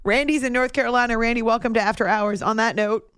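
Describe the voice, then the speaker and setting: A woman hosting sports radio in a casual, playful way, who sometimes breaks into high shouted impressions. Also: steady tone, quick pace, smooth, no echo. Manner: playful, tries high movie-villain shouts.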